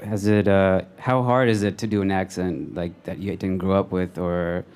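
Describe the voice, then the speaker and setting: Audience member: very low, smooth voice, hesitant, halting question. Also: male voice, steady tone, a little mellow. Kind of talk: casual question.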